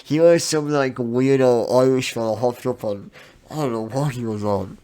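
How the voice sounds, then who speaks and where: Man, casual podcast chat, brisk, mid pitch. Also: mellow. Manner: chatty, brisk, mock-imitates people. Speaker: podcast co-host. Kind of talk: casual film review chat.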